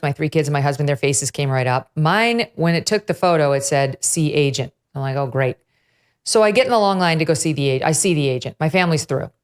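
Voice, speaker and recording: Low-voiced woman host, animated storyteller. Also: clean tone. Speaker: show host. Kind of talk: political talk show conversation.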